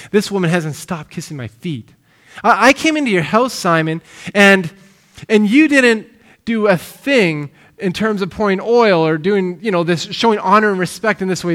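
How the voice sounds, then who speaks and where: Slightly high-voiced man preaching casually. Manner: casual and animated, with frequent restarts and fillers like "like". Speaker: pastor. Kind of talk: conversational sermon.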